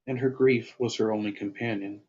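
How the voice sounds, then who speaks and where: A man's voice: on the low side, fairly even intonation, fairly quick, a little mellow, a little hiss or hum. A man reading his own first-person story aloud, then chatting casually and self-deprecatingly about his writing. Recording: lo-fi, dull sound.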